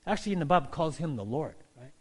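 A male pastor preaching a sermon, telling stories in an animated way and acting out characters. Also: a little high, quick pace, breathy edge. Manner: animated storytelling, voicing characters.

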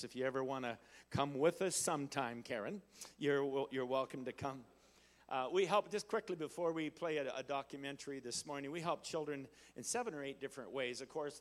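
A man in his sixties from Canada preaching a sermon in a folksy storytelling manner, building to loud exhortations. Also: mid-range voice. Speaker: guest preacher and missionary.

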